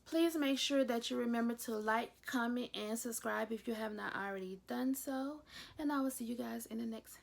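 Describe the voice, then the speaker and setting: Young woman chatting thru a tv recap, kinda high voice w lots of fry, gossipy. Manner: chatty, gossipy, retells scenes with quick asides. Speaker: YouTube reviewer. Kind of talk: casual TV episode recap.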